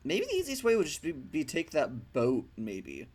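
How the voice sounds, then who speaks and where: A man's voice: on the high side, huge pitch swings, moderate pace, darkish tone. A man chatting casually while playing a video game, rambling through a story with lots of fillers and the odd swear. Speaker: gaming streamer. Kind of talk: casual let's-play commentary.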